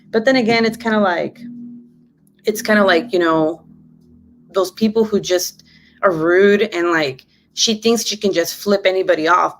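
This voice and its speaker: A woman vlogger chatting with her live audience, telling a story in a lively way, swearing freely and laughing as she goes. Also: fairly low pitch. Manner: animated, swears freely, many fillers like "you know"; laughs often while talking. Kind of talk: casual storytelling chat.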